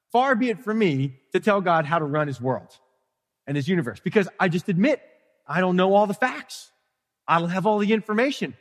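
A middle-aged man preaching a conversational, animated sermon, now and then acting out prayers. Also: high voice. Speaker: pastor. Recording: live-streamed hall with long reverb.

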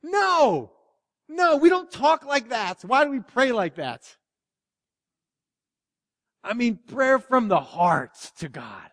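A man preaching a sermon, animated, swinging between loud exclamations and hushed asides. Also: very high voice, slow, pauses often, big-room sound. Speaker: pastor.

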